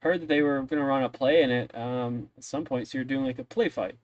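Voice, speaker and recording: A man's voice: mid-range voice, a little fast, darkish tone, dull audio, close to an everyday voice. A man voicing a friendly, gossipy woman innkeeper who rambles with many fillers. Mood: chatty.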